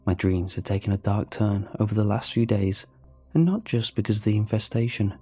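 A man narrating a first-person horror story in a measured, storytelling manner. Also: on the low side, steady tone, warm tone, husky, no echo, faint music behind.

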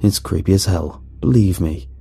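A man doing a calm, blunt crew leader. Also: low voice, normal speed, gravelly, breathy edge, soft background music, exaggerated voice.

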